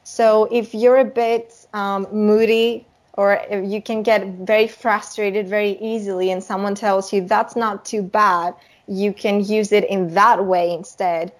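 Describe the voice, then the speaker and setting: A young woman co-hosting a podcast, talking through ideas in a relaxed, explanatory way with lots of "you know". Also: medium pitch, measured pace. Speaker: podcast co-host. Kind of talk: casual chat.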